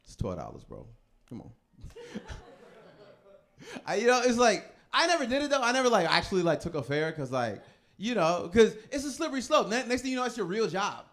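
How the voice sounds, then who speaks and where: A man in his thirties performs a stand-up comedy set with a fairly high voice. He tells stories in a loose, laughing way and jumps quickly into other people's voices. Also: big pitch swings, a bit bright.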